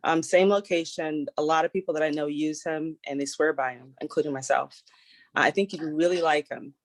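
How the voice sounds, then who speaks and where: A woman's voice: sits low, fairly even intonation, brisk, no echo. A woman chatting in a practice referral call, friendly and chatty with lots of fillers. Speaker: networking group member.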